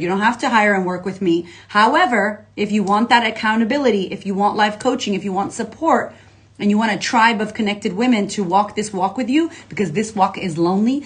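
This woman is a life coach running an informal livestream, where she reads out comments from viewers and addresses her audience with lots of energy, slang, and swearing. Her pitch is medium.

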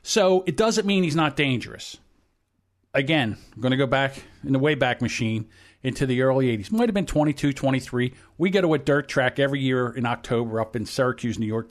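A man of about sixty co-hosting a podcast, telling a long story bluntly and with plenty of swearing. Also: medium pitch. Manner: profane, blunt anecdote-telling. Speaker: podcast co-host. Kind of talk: casual chat, storytelling.

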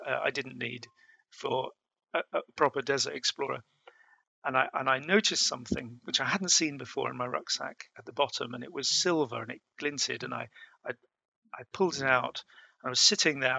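A middle-aged man recalls his past journeys for an interviewer. His voice is bright and gravelly, with many fillers and restarts. The sound is close and dry. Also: medium pitch, no echo. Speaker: interview guest. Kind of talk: storytelling in a conversation.

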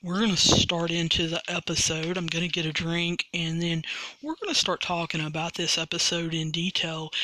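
A man hosting a solo podcast, reviewing a paranormal TV show in a rambling way with many pauses, his voice cracking slightly. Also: a little high, sharp tone, dry recording, rough recording. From West Virginia. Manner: rambling, many ums and restarts. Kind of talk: casual solo podcast commentary.

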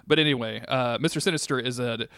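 A man's voice: mid-range voice, fast talker, vocal fry, clear, resonant tone, no room sound. Man, casual podcast recap, rambling, dry close sound. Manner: rambling, laughs while telling, bursts into animated put-on quotes. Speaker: podcast co-host.

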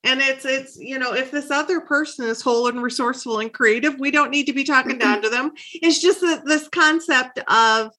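A woman hosting an interview, with a bright, forceful edge to her voice. Her voice sits a little higher than most women's. She talks in a reflective, affirming way, summing up and encouraging her guest. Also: moderate pace, few pauses. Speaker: podcast host. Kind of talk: conversational interview.

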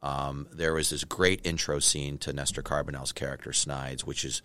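A man from Canada, a film director being interviewed, telling stories in a lively way and acting out what people said. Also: a bass voice, normal speed. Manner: animated storyteller, acts out quotes. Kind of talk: casual interview chat.

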